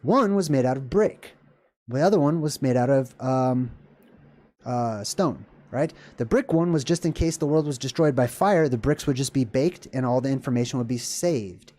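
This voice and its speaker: A man hosting a casual talk video, reading a passage aloud and breaking off into rambling, excited asides. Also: mid-range voice, normal speed. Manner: rambling, animated asides with laughs and restarts. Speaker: video host. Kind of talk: casual lecture reading and commenting on scripture.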